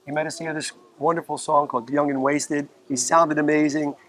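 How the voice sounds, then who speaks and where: With crowd noise behind him, a man from the Bronx, New York, speaks a little fast at a fairly high pitch. He's a musician guest in a park, telling stories casually and profanely and animatedly performing the quotes.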